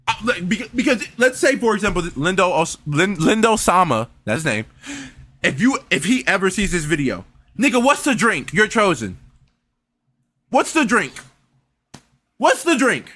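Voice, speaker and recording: A man's voice: sits high, very animated, moderate pace, bright, forceful tone. A young man reacting to a video in casual commentary, incredulous and stammering through restarts.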